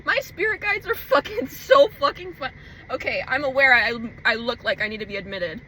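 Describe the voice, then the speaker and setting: A woman's voice: high voice, lively intonation, moderate pace, pushed and bright, slight background noise, low-quality recording. A woman talking in a casual confessional vlog, emotional and rambling, swearing freely as she searches for words. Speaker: vlogger.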